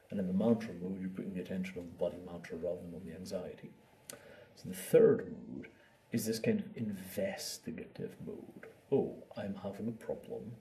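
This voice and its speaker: A man's voice: low voice, dark tone. A man giving an informal talk on meditation. He acts out inner thoughts and repeats words to make his points. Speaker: meditation teacher. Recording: distant mic with faint ambient noise.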